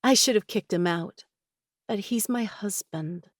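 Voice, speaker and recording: A prickly, remorseful younger sister in a raised, emotional voice, as a woman narrator puts her on. She sits noticeably higher than the narration. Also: unhurried, dry recording, studio quality, lightly acted. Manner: higher, emotional, shifting from guarded to teary.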